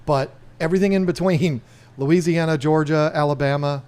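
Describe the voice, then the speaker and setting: A man's voice: fairly high pitch, normal speed, a little mellow, clean tone. A man in his fifties co-hosting a podcast, chatting casually in a rambling, enthusiastic way. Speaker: podcast co-host. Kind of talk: casual chat.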